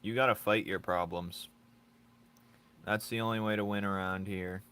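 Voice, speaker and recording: A man's voice: fairly low pitch, fairly even intonation, moderate pace, fairly bright tone, a little hiss or hum. A man chatting casually with his viewers while drawing on a live stream, teasing and joking, laughing often.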